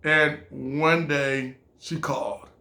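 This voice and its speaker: Slow, bright-voiced man telling a rambling story. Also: a little high, fairly even intonation. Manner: rambling and repetitive, with chuckles. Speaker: vlogger. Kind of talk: casual storytelling to camera.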